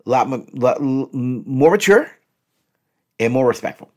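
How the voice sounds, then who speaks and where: A man's voice: medium pitch, big pitch swings, normal speed. A man hosting an instructional podcast, talking straight to his listeners as folks and repeating each example phrase twice. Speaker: podcast host and relationship coach.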